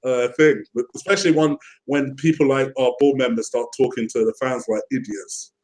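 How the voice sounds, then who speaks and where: A man's voice: medium pitch, steady tone, normal speed, darkish tone. Easygoing man chatting about football. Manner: easygoing, laughing along, asks questions. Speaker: guest co-host. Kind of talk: casual fan chat.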